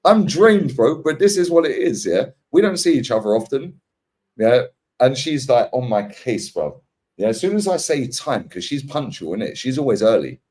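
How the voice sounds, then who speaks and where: London man, podcast host, casual slangy storyteller, husky voice that swings up and down a lot. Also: medium pitch, very animated, normal speed, mellow. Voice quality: slangy, swearing, laughing storyteller. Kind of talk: casual banter.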